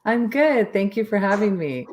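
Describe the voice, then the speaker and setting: A woman's voice: medium pitch, animated, moderate pace, darkish tone. A woman guest in an interview, explaining her work in an earnest, conversational way. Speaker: interview guest, nonprofit founder.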